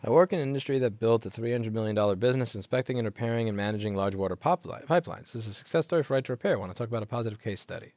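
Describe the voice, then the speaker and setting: Low-voiced guy on a late night stream, sleepy and blunt, swears a bit, dry close headset sound. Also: rapid-fire, hardly any pauses, a little mellow, no room sound. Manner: blunt, sarcastic, swears, repeats himself for emphasis. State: sleepy, yawning. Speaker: livestream host reading viewer chat. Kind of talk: casual late-night livestream chat. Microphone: headset microphone.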